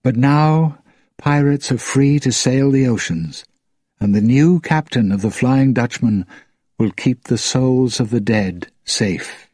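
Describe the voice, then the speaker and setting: A man voicing a brave, loving young woman in a high, soft voice for a read-aloud story. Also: takes it slowly, breathy edge, dry recording, clean studio sound. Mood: tender.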